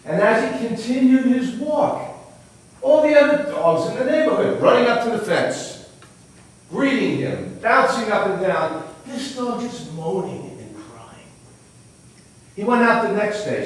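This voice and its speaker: A man hosting a round table talk, telling a story slowly and dramatically with pauses. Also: high-pitched. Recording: echoey room, distant mic, faint noise.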